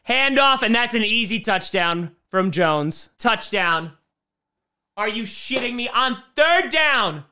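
A man reacting live to a football game, swinging from shouted cheers to deflated groans. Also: extremely high pitch, sing-song, normal speed. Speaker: sports fan vlogger reacting live.

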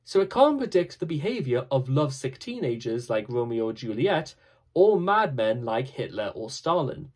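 Husky man, lively reflective talk. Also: mid-range voice, moderate pace. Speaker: speaker giving a short reflective talk. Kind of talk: scripted reflective reading.

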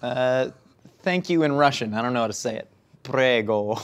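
A man's voice: medium pitch, normal speed, over music. A man hosting a cooking show, chatting in a playful, joking way and laughing often. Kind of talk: casual comedic cooking chat.

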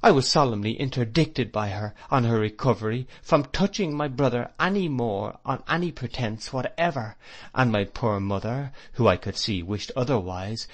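An adult man narrating a classic novel as an audiobook, measured and expressive. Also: medium pitch.

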